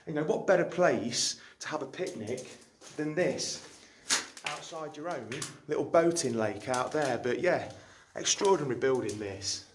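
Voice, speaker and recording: A man's voice: on the high side, animated, measured pace, background noise. A man, chatting and rambling with curiosity as he walks outdoors filming a local history tour. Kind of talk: casual walking tour narration. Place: outdoors on a woodland trail and in caves.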